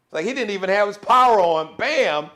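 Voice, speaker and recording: This man hosts a live daily show, his voice high-pitched and a little fast. His animated, sermon-like monologue lurches from loud outbursts to hushed warnings.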